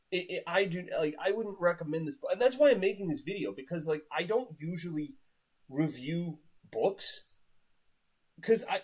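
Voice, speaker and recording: A man's voice: a little high, husky, rough recording. A man giving a casual, exasperated book review, sarcastic, swearing often and filling his talk with "like". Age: 30s.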